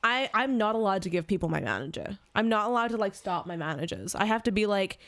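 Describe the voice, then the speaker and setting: A young woman with a non-local accent, chatting casually as a podcast co-host and telling stories. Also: quick pace. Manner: animated, jumps into high voices when quoting. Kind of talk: casual chat and storytelling.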